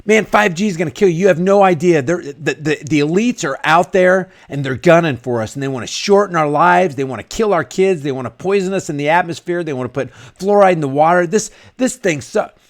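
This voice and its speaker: A man's voice: a little high, fairly quick, few pauses, pitched above the performer's own voice, natural voice. A man mimicking a preachy, paranoid male conspiracy believer who chain-smokes, ranting about health and the elites.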